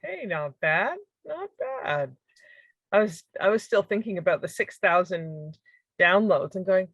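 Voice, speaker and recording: Slow, lively woman co-host. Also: fairly low pitch, no room sound. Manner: playful, laughs often, animated. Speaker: podcast co-host. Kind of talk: casual chat.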